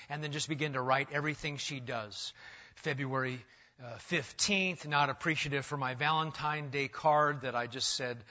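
A middle-aged man preaching a sermon, emphatic, rising loud and then dropping to a hush. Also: on the high side. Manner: emphatic, swings between loud and hushed. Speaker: pastor. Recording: dull lo-fi sound.

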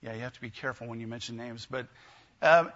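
A man's voice: mid-range voice, fast, fairly bright tone, muffled recording. A man preaching a sermon in a conversational way, often asking his listeners questions. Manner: conversational, asks the congregation questions. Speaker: pastor.

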